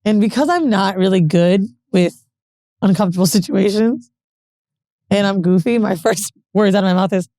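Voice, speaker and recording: A woman co-hosting a podcast, telling a frank, profane story with animated quoted dialogue. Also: mid-range voice, normal speed, no echo, clean studio sound. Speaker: podcast co-host. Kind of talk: casual storytelling chat.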